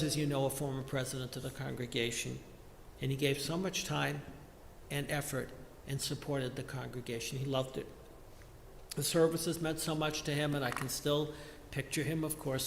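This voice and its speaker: Gravelly man giving a eulogy. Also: medium pitch, a little hiss or hum. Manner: measured, reflective, fond. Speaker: eulogist, lay service leader. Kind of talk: funeral eulogy. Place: large synagogue sanctuary. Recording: echoey hall with long reverb.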